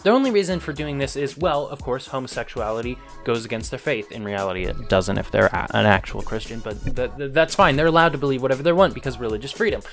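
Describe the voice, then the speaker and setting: A young man hosting a casual news commentary vlog, animated and ranting, with frequent fillers. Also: medium pitch, fast talker, few pauses, soft background music. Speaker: host.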